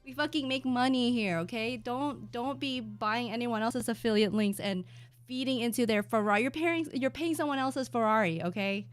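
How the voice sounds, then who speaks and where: A woman's voice: fairly high pitch, moderate pace, natural voice. A woman mocking a brash, boastful trading guru. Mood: scolding. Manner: loud, swearing, bossy. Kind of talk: mock impression on a livestream.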